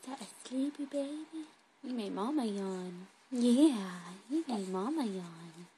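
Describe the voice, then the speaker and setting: Mom doing sing-song baby talk into her phone, slow and a bit high. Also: expressive, warm tone, slight background noise. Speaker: mother. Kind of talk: talking to a baby.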